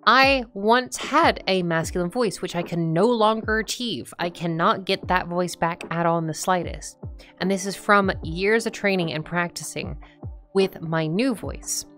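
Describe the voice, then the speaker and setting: A young adult trans woman giving a voice training lesson, explaining in a relaxed, rambling way with frequent fillers. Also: fairly low pitch, measured pace, soft background music. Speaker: voice coach. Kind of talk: voice training tutorial.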